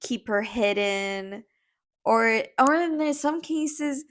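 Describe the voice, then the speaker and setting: Co-host: young woman, bright higher pitch, rambling, laughs and swears. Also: animated, takes it slowly. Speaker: podcast co-host. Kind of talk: casual chat.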